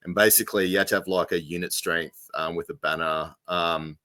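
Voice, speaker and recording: A man's voice: deep voice, fairly even intonation, brisk, pushed and bright, no echo. A man co-hosting a podcast in casual chat, rambling through details with many fillers and restarts. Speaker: podcast co-host.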